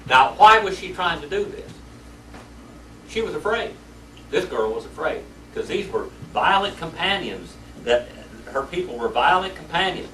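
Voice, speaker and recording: With a sing-song lilt and a pushed, bright voice that sits a little high, a man teaches a lively Bible class in a church Sunday school room at a normal pace. He tells the story in a folksy, colloquial manner. The sound is echoey and distant, with faint noise.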